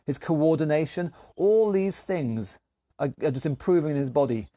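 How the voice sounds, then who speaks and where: A man's voice: on the high side, animated, normal speed, warm tone, no echo. A man leading a live online exercise class, encouraging and chatty, counting down moves and a little out of breath. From England. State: a bit out of breath. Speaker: fitness instructor.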